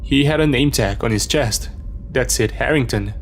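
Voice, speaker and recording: A man's voice: medium pitch, moderate pace, a little hiss or hum. Man narrating a space horror story. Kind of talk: scripted first-person horror narration.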